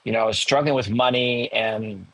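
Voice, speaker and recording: A man in his sixties, a podcast guest, telling a personal story candidly, emotional and animated with self-mocking asides. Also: on the low side, moderate pace, dull audio. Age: 60s. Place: home in the hills above a large city.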